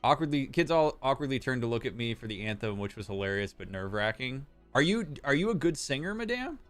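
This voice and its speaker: A man's voice: medium pitch, animated, fast, faint music behind. A man, a therapist chatting casually on a live stream, reading out chat messages and joking with viewers. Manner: joking, reads chat messages aloud and replies.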